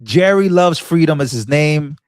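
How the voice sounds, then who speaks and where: A man's voice: on the high side, expressive, moderate pace, dry recording, studio quality. A young man hosting a political live stream, talking earnestly and repeating himself as he rambles. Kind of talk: emotional live-stream talk.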